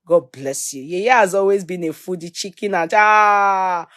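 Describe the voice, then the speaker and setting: A woman's voice: on the low side, normal speed, no echo, clean studio sound. Nigerian woman chatting on a live stream. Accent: Nigerian, Yoruba-influenced English. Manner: animated, mixes Pidgin and Yoruba. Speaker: livestream host. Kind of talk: casual live chat reading comments.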